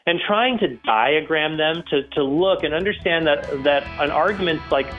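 A man's voice: a little high, normal speed, over music. A man answering listener questions on a live call-in show, earnest and explanatory, with frequent restarts. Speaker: guest apologist. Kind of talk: casual radio call-in answers. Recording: tinny phone-like line.

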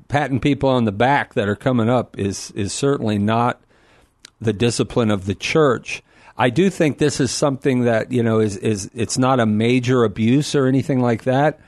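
A man answering a caller as a guest on a call-in radio show, earnest and animated, often laughing and repeating words as he thinks. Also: medium pitch, no echo, studio quality.

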